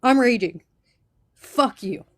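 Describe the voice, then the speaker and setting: A woman's voice: on the high side, expressive, slow, dry recording, clean studio sound. A woman co-hosting a livestream who speaks bluntly and indignantly, with heavy profanity. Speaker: livestream co-host. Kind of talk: angry livestream chat.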